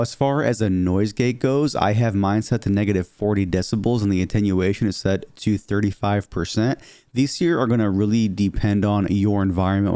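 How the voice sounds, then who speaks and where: A man with a low, dark voice walks through his audio settings in a loose, filler-heavy way and checks in with the listener constantly. His tone is smooth and even. He is recorded close on a studio microphone with a dry sound. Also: dry recording. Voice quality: lower register, somewhat muddy midtones. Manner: chatty, filler-heavy, keeps saying "okay?" and "here". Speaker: streamer explaining audio settings. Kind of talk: casual tutorial. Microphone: dynamic studio mic, close.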